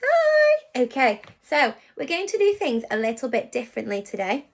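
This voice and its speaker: A woman teacher giving a phonics lesson to young children. She praises them often and slows down to sound out words. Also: on the high side, gravelly. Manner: animated and encouraging, praising often.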